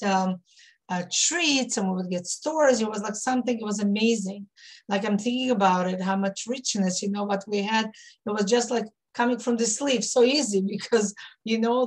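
A woman in her fifties from Israel, a rebbetzin telling stories to a women's group, reminiscing with many fillers and restarts. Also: mid-range voice. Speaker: rebbetzin leading a women's class. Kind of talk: warm storytelling talk to a women's group.

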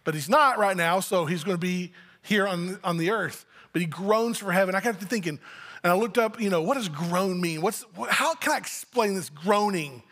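A man's voice: high-pitched, normal speed, fairly bright tone, big-room sound. A man preaching a sermon as pastor, talking in a conversational way and acting out little family dialogues. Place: church sanctuary.

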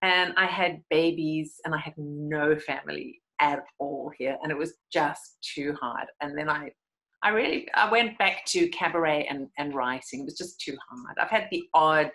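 A middle-aged South African woman, an actress and cabaret artist, is a guest in a conversational interview. She tells stories animatedly and laughs often, speaking in a low voice. The recording quality is low.

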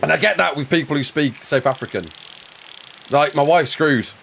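A young man chatting casually with viewers while playing a game live, quick to laugh and often restarting his sentences. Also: a little high, vocal fry, a bit bright, a little hiss or hum. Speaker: live streamer.

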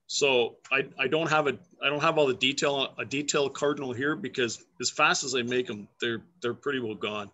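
Bright-voiced chatty man carver. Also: mid-range voice, a little fast, few pauses. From Canada. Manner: chatty and playful, laughing often. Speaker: guest woodcarver. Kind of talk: casual demonstration over a live video chat.

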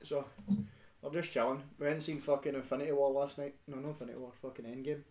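A man's voice: medium pitch, level tone, quick pace, very noisy. A young Scottish man hosting a casual beer-drinking stream, full of rowdy, sweary banter. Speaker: stream host. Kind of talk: casual chat.

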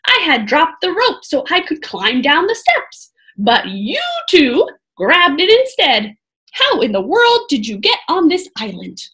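A woman's voice: sits high, sing-song, a little slow, fairly bright tone, voice pushed up, exaggerated voice. A woman reading aloud and voicing a jolly, kindly middle-aged monk with a hearty manner. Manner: hearty, friendly.

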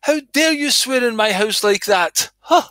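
A man voicing his elderly mother, a shrill and scandalized woman who scolds him for swearing. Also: lively intonation, a little slow, pushed and bright, no room sound, exaggerated voice. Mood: outraged scolding. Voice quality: high-pitched, shrieking, scolding. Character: shrill scandalized old Scottish mum.

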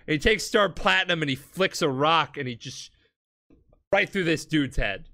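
Drunk, rambling man with a bright voice. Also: fairly high pitch, lively intonation, moderate pace, creaky. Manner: rambling, profane, laughing, acts out characters. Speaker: podcast host. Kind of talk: casual comedic retelling.

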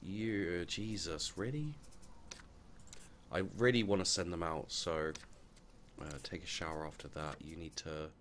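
A man's voice: low-pitched, measured pace, long pauses, fairly bright tone, slight background noise. A man giving casual let's play commentary, muttering to his game characters and swearing freely as he goes.

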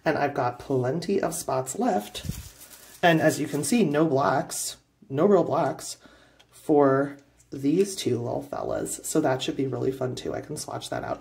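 Gushing, excitable woman unboxing art supplies. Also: low voice, vocal fry, slight background noise. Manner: gushing, excitable, quick bursts of delight. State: standing up. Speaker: art YouTuber. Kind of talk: casual unboxing vlog.

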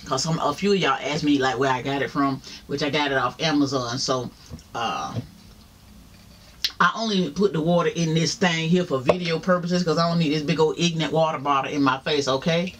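A woman's voice: sits low, brisk, a little hiss or hum. A woman vlogging a mukbang from home, chatting casually to her viewers as she eats. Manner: chatty, talks straight to viewers, religious exclamations. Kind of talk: casual chat while eating. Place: home, seated in a chair.

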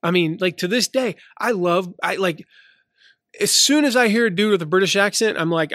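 A man's voice: high-pitched, normal speed, a bit bright, no echo, studio quality. A man in his thirties from the American South, with a light Southern accent, hosting a casual solo podcast, chatty and full of fillers and restarts. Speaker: podcast host.

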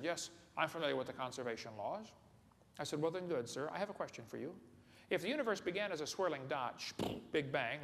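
Folksy joking male lecturer, gravelly voice. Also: a little high, fairly bright tone. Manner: folksy, joking, asks the audience questions. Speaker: seminar speaker. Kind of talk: humorous lecture to a live audience. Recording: echoey hall, faint room noise.

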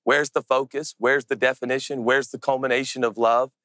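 A man's voice: mid-range voice, level tone, bright, forceful tone, no echo. Earnest male pastor preaching in a dry room. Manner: earnest and intimate, slowing down to stress key words. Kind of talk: sermon.

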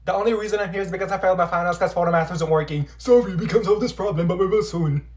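A woman's voice: fairly low pitch, racing, darkish tone. A woman performing a comedy sketch with a sassy, sarcastic delivery. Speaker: TikTok creator. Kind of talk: comedy sketch role-play.

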